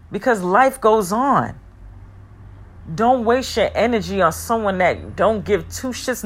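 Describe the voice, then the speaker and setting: A woman giving a heartfelt personal motivational talk, emphatic and repetitive, sometimes rushing her words. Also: medium pitch, very animated. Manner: speeds up and slows down, talks fast at times.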